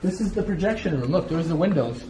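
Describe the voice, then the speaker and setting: Young man, fast talker, higher voice, noisy handheld recording. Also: animated, warm tone. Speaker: exploring companion. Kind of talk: casual chat.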